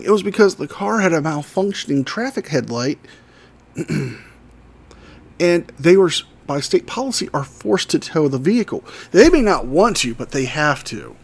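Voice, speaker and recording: A man giving scornful, sarcastic commentary over video clips. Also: fairly high pitch. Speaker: commentary host.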